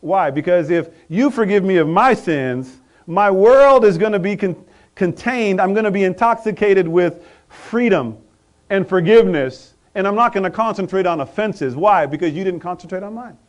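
A pastor with a notably high voice delivers a sermon. He calls out questions to the congregation and waits for answers. His volume swings from loud bursts to quiet asides. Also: expressive, normal speed. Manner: preaching with call-and-response, rising and dropping in volume.

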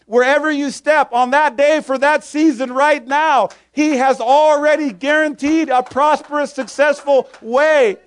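High-voiced preacher asking punchy questions. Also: male voice, fairly even intonation, measured pace, hardly any pauses, dry recording, studio quality. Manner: preaches in short call-and-response questions; quotes scripture in old-fashioned wording. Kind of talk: sermon.

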